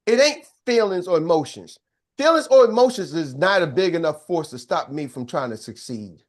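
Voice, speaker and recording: A man's voice: on the high side, lively intonation, moderate pace. An older man giving a motivational business coaching talk, emphatic and preacher-like, often checking in with his listeners.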